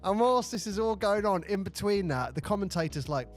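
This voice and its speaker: A man's voice: high-pitched, a little fast, hardly any pauses, soft background music. A man co-hosting a podcast, telling stories with enthusiasm and acting out the lines he quotes. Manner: animated storytelling, acts out quoted lines. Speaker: podcast co-host. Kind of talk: casual chat.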